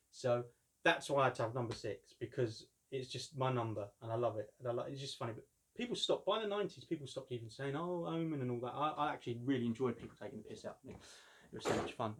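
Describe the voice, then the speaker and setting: A Londoner of around fifty unboxes and reviews a collectible figure, chatting casually and telling jokey stories. His voice is plain mid-pitch, he rambles with easy humour, and the sound comes from a camera mic at home.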